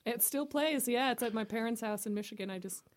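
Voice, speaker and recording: A woman's voice: fairly high pitch, a little fast. A woman musician chatting casually and easily about how she started playing. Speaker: musician guest. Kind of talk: casual chat.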